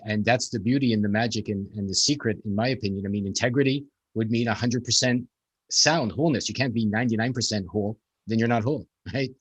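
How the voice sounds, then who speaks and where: A man's voice: medium pitch, breathy edge, no echo. A man hosting a casual conversation, talking in a rambling, reflective way full of "you know". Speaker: podcast host.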